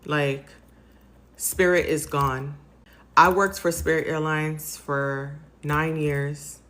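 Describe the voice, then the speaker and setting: A woman in her thirties from the United States, tearful from crying, talking softly and haltingly in a personal vlog. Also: low voice, fairly even intonation. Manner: soft, halting, rambling with fillers. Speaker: vlogger.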